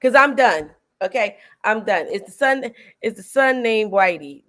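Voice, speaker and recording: A woman hosting a film reaction show, chatting casually and excitably, laughing often and using slang. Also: medium pitch, measured pace.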